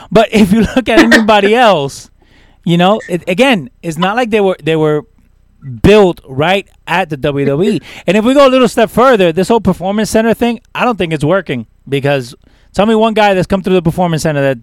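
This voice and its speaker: Young guy on a podcast going off on a rant, high voice, dry close sound. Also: animated, fairly quick, no echo. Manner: ranting, emphatic, repeats words. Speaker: podcast co-host. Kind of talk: casual chat.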